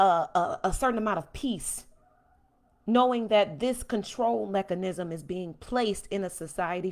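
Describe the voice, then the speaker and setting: A woman hosting a livestream from home, speaking with passion and answering viewer comments. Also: mid-range voice. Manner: impassioned, animated, reads and answers viewer comments. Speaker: host.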